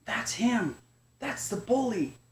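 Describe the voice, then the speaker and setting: A man reading aloud gives voice to an anxious little raccoon cub from a storybook, slightly high and pleading. The words come slowly, and the recording has an echoey room sound. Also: expressive, slight background noise. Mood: excited.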